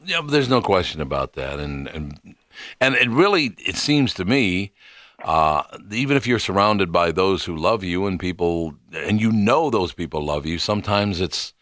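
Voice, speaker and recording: A man hosts a morning radio interview in a very low voice. He talks in a loose, conversational way, often restarting his sentences. The mic sound is dry and close. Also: animated, moderate pace, a bit bright, no room sound. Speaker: radio show host.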